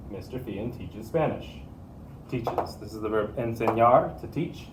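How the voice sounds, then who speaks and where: A male teacher explains pronunciation to his students with steady patience, saying each key point twice. He is heard from a little way off in an echoing room with a faint hum behind him. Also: lowish voice, measured pace, recorded from a distance. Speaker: Spanish teacher. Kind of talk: classroom lesson to students.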